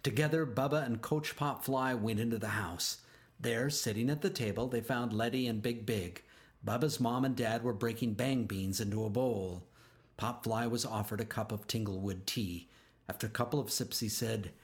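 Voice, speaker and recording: A man reads a children's storybook aloud at a middling pitch. He is expressive and drags out key phrases for emphasis. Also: normal speed. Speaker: narrator.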